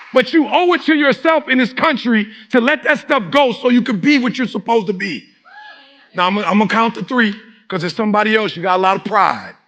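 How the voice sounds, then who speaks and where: A man from Detroit giving a live motivational speech to a room, leading call-and-response chants and rising to shouted exhortations. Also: high-pitched, slight background noise. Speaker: motivational speaker.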